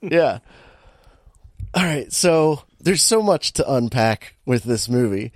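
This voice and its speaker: A man's voice: medium pitch, slow, dry recording, studio quality. A man co-hosting a podcast, recapping a bad movie in casual chat, laughing often as he tells it. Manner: animated storytelling, laughing often, many restarts. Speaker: podcast co-host.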